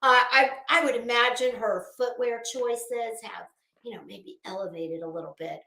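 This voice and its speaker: A woman's voice: a little high, moderate pace, bright, forceful tone, echoey room. A woman hosting a casual livestream, talking straight to her chat in a chatty, opinionated way. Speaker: livestream commentary host. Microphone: phone.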